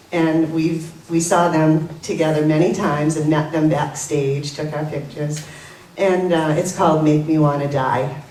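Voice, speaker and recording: A woman giving an informal eulogy at a gathering, telling anecdotes with many fillers and pauses, laughing as she talks. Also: sits low, a little mellow. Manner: halting, many fillers, laughs through stories. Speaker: memorial speaker. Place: coffee house gathering. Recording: roomy, distant, live audience.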